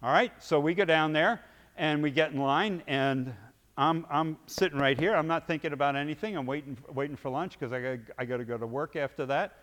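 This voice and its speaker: A fairly high-voiced man preaching in a big hall whose long echo trails after his words. He tells his story with energy, acting out scenes and swinging between hushed asides and booming peaks. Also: brisk. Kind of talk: sermon storytelling.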